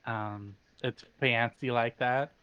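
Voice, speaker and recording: A man runs a tabletop game as its narrator, relaxed and easygoing. His voice is smooth and clear at an ordinary middle pitch, loosened by frequent ums and uhs. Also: slow, highs cut off. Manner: relaxed, laughs easily, hesitant fillers. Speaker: game master.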